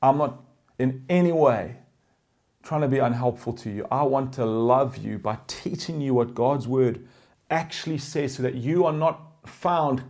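Preaching with animation, this male pastor alternates between forceful, emphatic declarations and soft, gentle passages, all in a mid-range voice.

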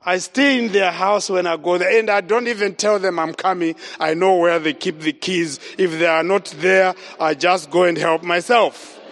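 High-voiced preacher in a hall. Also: male voice, moderate pace, vocal fry, hardly any pauses. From Zimbabwe. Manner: animated, repeats key phrases, quizzes the congregation. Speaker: evangelist preacher. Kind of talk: sermon with personal storytelling. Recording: long hall reverb.

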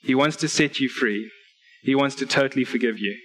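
A man's voice: mid-range voice, brisk, a bit bright, rough recording. A man preaching a sermon at a church service, reading scripture and laying out numbered points with earnest, direct appeals to his listeners.

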